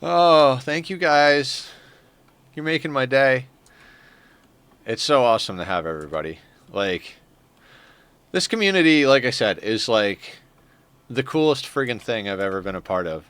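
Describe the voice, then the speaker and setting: Guy streaming a game, rambly and a bit flustered, smooth clear voice, mid pitch. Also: expressive, a little slow, long pauses, fairly bright tone, dry recording. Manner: rambling, flustered, self-deprecating. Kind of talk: casual live-stream chat while playing.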